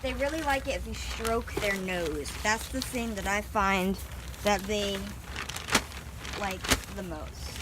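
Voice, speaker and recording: A woman's voice: medium pitch, slow, noisy background. A young woman chatting casually in a backyard vlog about her guinea pigs, talking informally with lots of fillers and a sweet voice for the animals, filmed on a handheld phone. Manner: chatty and informal, many fillers, sweet baby talk to pets. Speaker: vlogger showing her pet guinea pigs. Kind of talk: casual outdoor vlog narration. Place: outdoors in a backyard.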